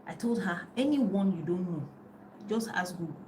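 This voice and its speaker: Lower-voiced woman coach talking chattily on a live stream. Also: animated, moderate pace, warm tone, a little hiss or hum, poor audio. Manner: chatty, loses her thread, laughs often. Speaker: life and business coach. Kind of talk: casual live-stream talk. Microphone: phone on a live video.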